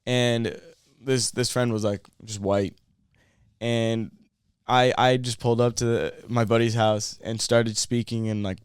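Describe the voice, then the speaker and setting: A man's voice: mid-range voice, little pitch movement, measured pace, clear, resonant tone, no echo, studio quality. A man raised in Japan, a podcast guest chatting in an easygoing way about his experiences. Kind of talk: casual chat.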